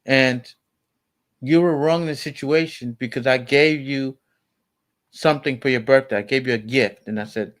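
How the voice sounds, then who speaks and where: A man in a heated family argument as a father, talking in a raised, forceful, lecturing way. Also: medium pitch, moderate pace. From United States.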